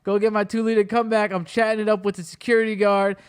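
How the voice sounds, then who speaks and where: A man's voice: high-pitched, quick pace, clean tone. A man hosting a podcast, telling a funny story in casual chat and acting out the people in it. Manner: animated storyteller who acts out other people's lines. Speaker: podcast host.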